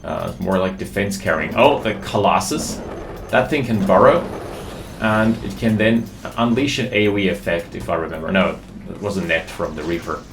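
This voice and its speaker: Man excitedly casting a strategy game. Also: low voice, moderate pace, creaky, roomy sound, music in the background. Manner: excitable, thinking aloud. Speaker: game caster. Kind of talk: live game commentary.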